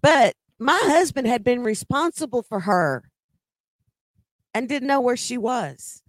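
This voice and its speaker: A woman's voice: fairly high pitch, expressive, measured pace, no room sound. A middle-aged woman telling a personal story in a conversational way, with emphatic quoted dialogue.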